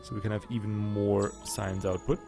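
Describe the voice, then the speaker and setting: A man's voice: on the low side, level tone, moderate pace, vocal fry, music in the background. A man with a German accent, casually commenting on a strategy game and thinking aloud with muttered asides. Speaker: let's play gamer.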